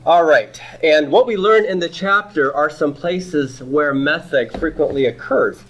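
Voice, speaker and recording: A man's voice: on the high side, measured pace, muffled recording. A man teaching a Hebrew grammar class, explaining step by step and checking in with students through frequent "okay?" and "right?". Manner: repeats and restarts phrases while explaining. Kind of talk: classroom lecture.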